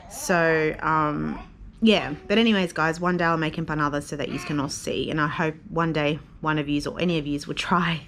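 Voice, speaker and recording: Low-voiced woman vlogging chattily. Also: a bit bright, slight background noise. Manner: chatty, venting, loose with many fillers. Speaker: vlogger and mother. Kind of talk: casual vlog chat to camera. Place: hotel quarantine room.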